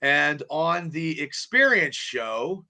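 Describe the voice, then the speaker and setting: High, bright-voiced male podcast host. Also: very animated, slow pace, gravelly. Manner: rambling, stammering repeats. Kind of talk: casual chat.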